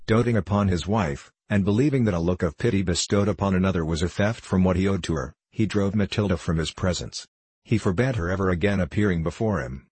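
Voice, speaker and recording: A man's voice: low voice, a little mellow, husky, no room sound. A man reading the part of an anguished young novice monk, in an impassioned, faltering, pleading voice.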